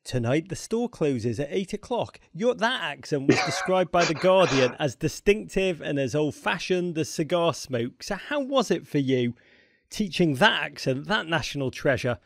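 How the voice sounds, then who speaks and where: A man's voice: fairly high pitch, lively intonation, normal speed, vocal fry, a bit bright. A man hosting a podcast interview, asking questions in a playful, enthusiastic way. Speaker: podcast host.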